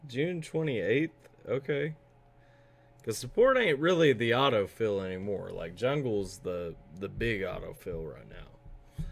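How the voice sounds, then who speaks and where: Gravelly, animated male reaction host. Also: on the low side, a little slow. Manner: excitable, animated, laughs often. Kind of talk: casual reaction commentary.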